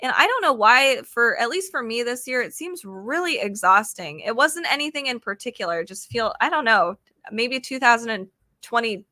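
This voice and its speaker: A woman's voice: on the high side, animated, moderate pace, pushed and bright, no echo, studio quality. A woman hosting a casual trivia livestream, chatty and apologetic as she reads questions aloud to her chat. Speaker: livestream host running trivia games.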